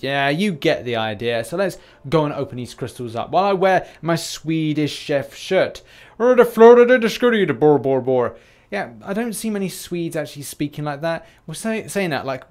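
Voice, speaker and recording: A British man talking casually over game footage as a YouTuber, rambling and jokey, making fun of himself. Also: medium pitch. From United Kingdom. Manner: rambling, self-deprecating, jokey. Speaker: gaming YouTuber.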